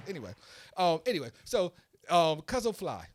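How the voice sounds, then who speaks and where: A man hosting a casual podcast, telling a story in an excitable, animated way that builds to loud peaks. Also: a little high, quick pace, some chatter behind, slight background noise. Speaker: podcast host.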